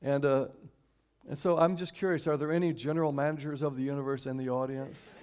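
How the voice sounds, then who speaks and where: A man from Houston speaking to a church congregation in a conversational sermon, repeating key lines slowly and inviting the audience to join in. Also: mid-range voice, fairly even intonation, darkish tone, smooth. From Houston, Texas. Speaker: guest speaker and singer at a church service. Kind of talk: inspirational sermon talk. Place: church sanctuary, live stream.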